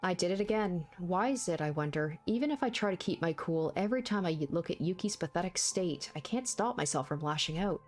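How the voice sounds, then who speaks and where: A woman's voice: lowish voice, a little fast, few pauses, soft background music, close to an everyday voice. Woman reading a cutting, cold teenage girl. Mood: brooding. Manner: calm, biting put-downs.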